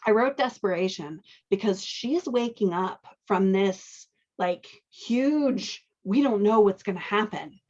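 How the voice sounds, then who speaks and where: A woman's voice: mid-range voice, slow, few pauses, a little mellow, muffled recording. A woman hosting a show, casually teaching dialogue as she edits a manuscript and often asking "right?" as she thinks aloud. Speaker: host and dialogue editor. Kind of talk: casual teaching chat while editing a manuscript.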